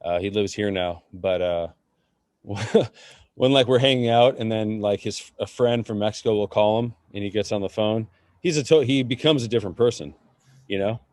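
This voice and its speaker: A man co-hosting a podcast, talking in a halting, reflective way with frequent fillers. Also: on the low side, a little mellow, no echo, studio quality. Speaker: podcast co-host. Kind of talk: casual chat.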